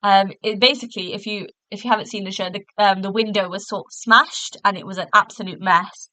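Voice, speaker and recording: Woman, solo podcast host, casual rambling review, lots of ums, bright tone. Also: medium pitch, steady tone, a little fast, dry recording, rough recording. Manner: chatty, many fillers and restarts. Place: hotel room.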